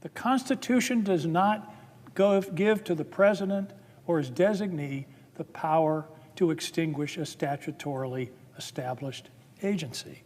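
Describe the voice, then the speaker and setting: A man's voice: a little high, unhurried, a little mellow. A man, a senator, giving a formal floor speech with earnest, building emphasis. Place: legislative chamber. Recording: long reverb of a large chamber.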